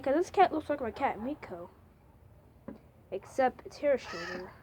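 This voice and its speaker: A woman standing outdoors in the cold by a door, talking softly and apologetically to a cat on her vlog. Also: fairly high pitch, animated, moderate pace, long pauses. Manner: soft, pleading, apologetic. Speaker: vlogger. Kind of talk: casual talk to an animal. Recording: lo-fi phone audio with noisy outdoor background.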